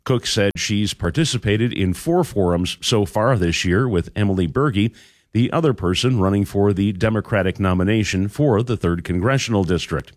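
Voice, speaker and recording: A man reading a radio news bulletin in a measured, even delivery from a studio. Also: lowish voice, no echo. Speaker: news anchor. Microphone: studio microphone.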